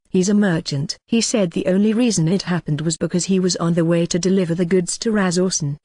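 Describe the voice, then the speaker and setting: A lower-pitched female voice reads a fantasy novel in an even, synthetic narration. The phrasing is plain and mechanical. The sound is close and completely dry, with no room around it. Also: dry recording. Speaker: audiobook narrator. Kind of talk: flat machine-read novel narration.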